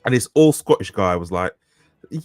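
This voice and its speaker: A man in his thirties from the United Kingdom, co-hosting a casual podcast, telling animated stories and swearing freely. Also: sits low, moderate pace, no room sound, soft background music. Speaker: co-host, author.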